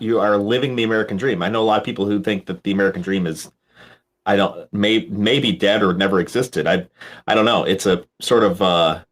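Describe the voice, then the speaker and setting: A man hosting a casual talk show, asking questions in a halting way, often searching for words. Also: on the low side, fairly bright tone. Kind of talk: casual interview chat.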